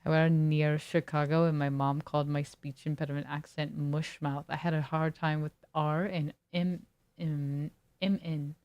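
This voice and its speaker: A woman's voice: deep voice, little pitch movement, normal speed, a little mellow, dull audio. A woman streamer chatting casually with her viewers, reading chat aloud and riffing on it in a laid-back way.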